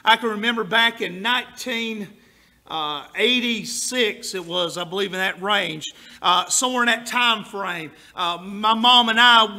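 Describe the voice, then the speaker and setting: A man's voice: very high-pitched, bright, forceful tone. A man, preaching a sermon in a folksy, storytelling way with a drawl. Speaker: pastor.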